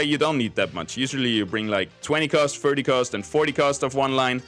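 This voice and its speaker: A man's voice: medium pitch, a bit bright. A man hosting a casual game tutorial, explaining step by step in a chatty way. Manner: chatty, explains step by step with 'basically' and 'let's say'. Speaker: game guide creator and streamer.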